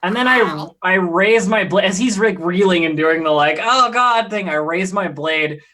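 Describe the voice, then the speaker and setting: Male player, bright and slightly high, eager and talky about rules. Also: normal speed. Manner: eager, rule-explaining. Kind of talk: explaining game moves.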